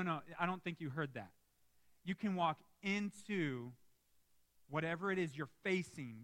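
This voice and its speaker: A young man preaches from the pulpit of a church, his voice pitched high. The sound is bright and forward, and he presses his points hard, then breaks off to joke with the congregation. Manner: lively, emphatic preaching with asides to the congregation. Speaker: pastor. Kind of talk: sermon. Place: church sanctuary.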